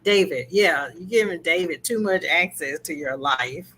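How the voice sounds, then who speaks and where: Bright, lively woman retelling a story. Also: sits low, unhurried, a little hiss or hum, poor audio. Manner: animated, acts out quotes, laughs often. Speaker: podcast co-host. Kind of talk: casual review chat.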